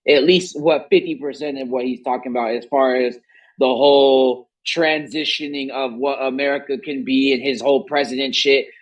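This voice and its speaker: A man's voice: mid-range voice, steady tone, moderate pace, muffled recording. A young man hosting a casual podcast chat, talking in long rambling runs full of slang and swearing. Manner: rambling, emphatic, heavy slang and profanity. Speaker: podcast host.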